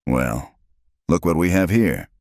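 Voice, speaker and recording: A man's voice: rumbling low, expressive, takes it slowly, creaky, darkish tone, no echo, clean studio sound, full character voice. A man voicing a burly, sneering drunk ranch hand in a spoken western story. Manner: sneering, growling.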